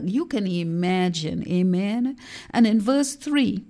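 A woman preaching a sermon, slow and emphatic, dotted with amens and hallelujahs. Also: medium pitch, dark tone.

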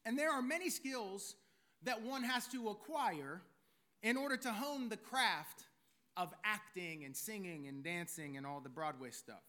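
A male pastor with a very high, bright voice delivers a sermon. His delivery is theatrical, shaped by years in show business. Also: unhurried. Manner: theatrical, former stage performer.

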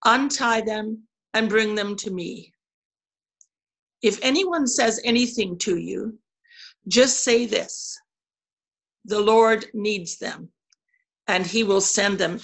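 A woman reading scripture aloud slowly and carefully, with small slips. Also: mid-range voice, gravelly, a bit bright. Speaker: scripture reader.

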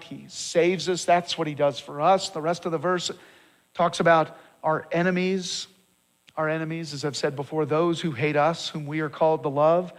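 A man delivers a sermon in a slightly higher-than-usual voice. He reads scripture aloud and drives his points home with emphatic rhetorical questions. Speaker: pastor.

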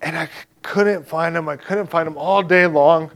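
A man's voice: fairly high pitch, steady tone, a bit bright. A man telling a personal faith testimony in a casual, chatty way, full of "like" and "right?" and acting out what others said. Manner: acts out others' lines in quick back-and-forth. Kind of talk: casual spoken storytelling.

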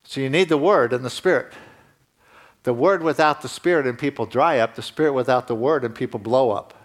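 A man delivers a sermon in a church in a relaxed, talking-to-you manner. His voice sits in a middle register and climbs with emphasis when he drives a point home. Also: mid-range voice, a little fast. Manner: conversational preaching, rising emphatically at key points. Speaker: pastor.

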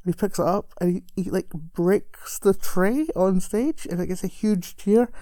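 Woman, casual storyteller; warm low-key tone, self-deprecating, chuckles as she goes. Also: unhurried, dry recording. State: recovering alcoholic. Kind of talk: casual anecdote telling.

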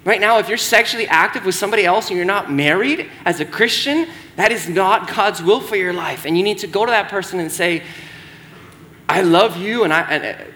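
Young man, pastor, casual sermon, high voice, bright tone, conversational asides. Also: a little fast, few pauses, a little hiss or hum. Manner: conversational, animated, frequent "right?" asides.

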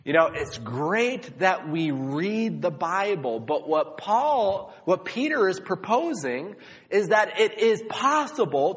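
A man's voice: high voice, big pitch swings, slow pace. A man preaching a sermon, talking emphatically and speaking directly to the congregation. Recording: long reverb of a large hall.

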